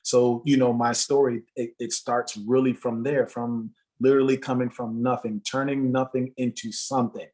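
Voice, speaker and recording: A man from Jamaica speaks as an interview guest, steady in pitch and earnest in tone. He builds a motivational story and leans on repeated phrases to drive each point home. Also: moderate pace, few pauses.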